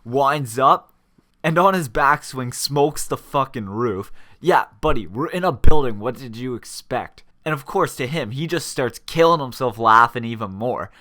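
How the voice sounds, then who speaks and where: A man's voice: mid-range voice, a little slow. A young man hosting a gaming channel, telling a story casually with plenty of swearing and laughter. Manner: animated, swears freely, laughs while telling.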